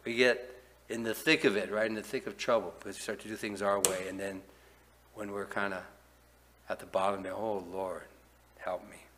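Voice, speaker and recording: A man preaching a verse-by-verse sermon in a low, forceful voice. He leans on rhetorical questions and keeps checking in with "right?". His delivery swings between loud bursts and quiet asides. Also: level tone, brisk, slight background noise. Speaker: pastor. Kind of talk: expository sermon.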